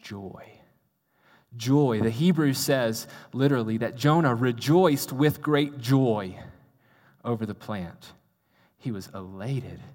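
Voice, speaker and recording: A man preaches a sermon at a middle pitch, mixing rhetorical questions with self-mocking asides. His voice carries a long reverb, as from a large hall. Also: slow pace, darkish tone. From United States. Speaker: pastor.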